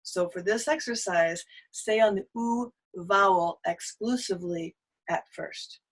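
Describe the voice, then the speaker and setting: A woman's voice: mid-range voice, measured pace, husky, rough recording. A woman teaching a singing lesson, giving patient step-by-step cues on breathing and an open throat.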